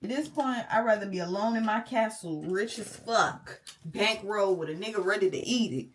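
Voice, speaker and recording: A woman's voice: medium pitch, lively intonation, normal speed, hardly any pauses, a little hiss or hum. A young woman, venting bluntly and emotionally on a candid vlog, profane and direct. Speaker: vlogger.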